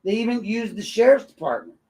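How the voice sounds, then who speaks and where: A man's voice: high-pitched, expressive, a little fast, creaky, mellow, poor audio. A man hosting political commentary, combative and sarcastic, talking straight at his critics. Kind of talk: opinionated commentary.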